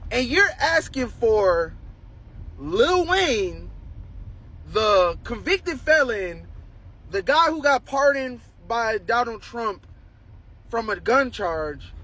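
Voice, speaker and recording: A man's voice: extremely high pitch, very animated, slow pace, long pauses, bright, forceful tone, low-quality recording. A man in a casual opinion video, making his point in an emphatic, lecturing way.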